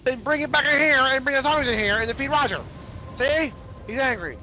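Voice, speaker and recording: A man chatting with friends over a headset while gaming, excitable and swearing, laughing often. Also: extremely high pitch, fairly quick, a little hiss or hum. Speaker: gamer.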